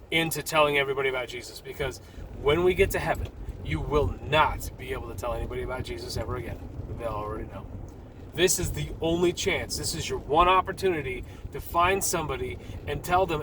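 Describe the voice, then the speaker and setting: Man, earnest faith vlog, somewhat high voice, urgent and rambling, talking from a car, faint engine hum behind. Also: sharp tone, poor audio. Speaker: Christian vlogger. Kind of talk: casual faith talk to camera.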